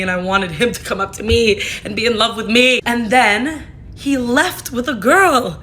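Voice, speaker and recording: Brief: young woman, TikTok-style rant to a phone camera, frank and chatty, light background rumble. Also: moderate pace, fairly bright tone. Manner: chatty, frank, swears, lots of "like". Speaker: TikTok creator. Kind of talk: casual talk to camera.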